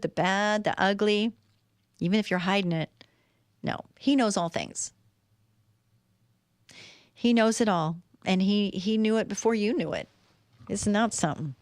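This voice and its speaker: A woman's voice: fairly low pitch, dry recording, studio quality. A middle-aged woman hosting a live stream, giving a heartfelt devotional talk full of rhetorical questions. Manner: heartfelt, earnest, asks many rhetorical questions. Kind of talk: faith-based devotional talk.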